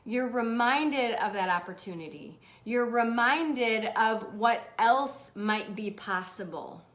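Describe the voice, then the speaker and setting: A woman hosting a live motivational stream in a bubbly, animated manner, laughing often and swearing casually. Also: a little high, slow. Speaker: host. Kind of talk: livestream motivational talk.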